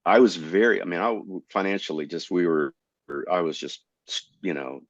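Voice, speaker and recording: Middle-aged male comedian, low voice, dry and slightly dull recording, animated storyteller. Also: moderate pace, no echo. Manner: animated, jumps into high voices to act out quotes. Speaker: comedian guest. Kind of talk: storytelling in a casual interview.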